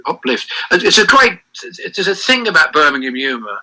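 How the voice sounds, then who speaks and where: A man's voice: fairly high pitch, sing-song, fairly quick, sharp tone, poor audio. An older man, giving an interview as a guest and telling long anecdotes with many restarts and self-corrections. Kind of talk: reminiscing interview over a call.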